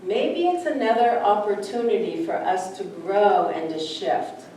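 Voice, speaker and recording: A woman's voice: medium pitch, unhurried, warm tone. A woman minister giving a chatty, story-filled sermon, often acting out the voices of people in her stories. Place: church sanctuary. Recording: echoey room, distant mic, faint background noise.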